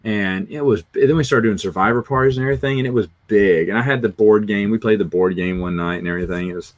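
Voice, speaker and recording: A man's voice: lowish voice, fast talker. A middle-aged man with a Southern US accent, chatting casually and rambling through stories on a livestream in a self-deprecating way. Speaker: livestream host. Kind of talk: casual rambling chat, reading comments.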